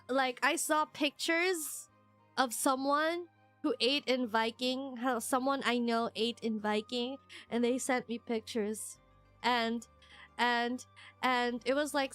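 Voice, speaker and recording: A young woman streamer with a slightly high voice chats casually and excitably with her viewers, rambling along and squealing whenever she thanks someone.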